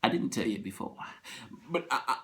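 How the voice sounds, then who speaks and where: Someone acting out a rattled husband who keeps stammering and pleading, calling his wife "honey" over and over in a comic retelling. The voice swings up and down a lot and has a bright, sharp edge. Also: medium pitch, animated, a little fast, pitched below the performer's own voice. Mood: insistent. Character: jittery husband on a plane insisting a creature is on the wing. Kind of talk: comic retelling of a film scene.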